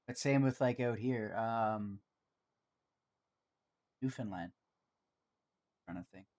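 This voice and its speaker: A man's voice: lowish voice, slow pace, a little mellow. A man streaming a game build live, chatting casually with his co-host and viewers and muttering to himself as he works.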